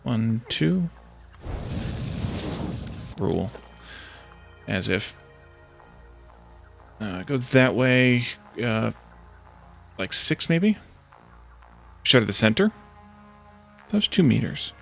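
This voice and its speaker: A man's voice: mid-range voice, big pitch swings, drawn-out words, vocal fry, pauses often, fairly bright tone, soft background music. A man streaming a building game, chatting casually with his viewers and talking himself through each step. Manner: chatty, reacts to chat, talks to himself while building. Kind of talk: casual let's-play commentary.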